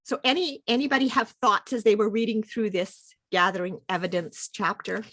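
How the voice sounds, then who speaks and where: A woman leading a group book discussion, explaining slowly and with emphasis. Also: mid-range voice, steady tone, a bit bright, dry recording. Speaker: discussion leader.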